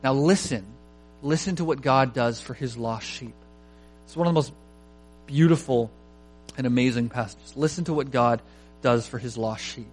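A man's voice: medium pitch, moderate pace, long pauses, rough recording. A man preaching a sermon, reading scripture aloud and then explaining it with emphatic repetition. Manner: emphatic, repeating phrases for stress. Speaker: pastor.

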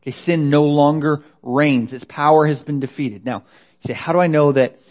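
A man's voice: fairly high pitch, normal speed, a little mellow. A man preaching a sermon in a conversational way, asking rhetorical questions. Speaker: pastor.

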